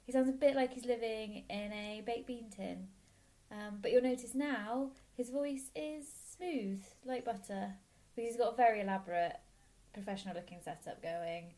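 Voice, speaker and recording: A woman's voice: a little high, normal speed, mellow. A woman co-hosting a podcast in casual chat, dry and teasing. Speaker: podcast co-host.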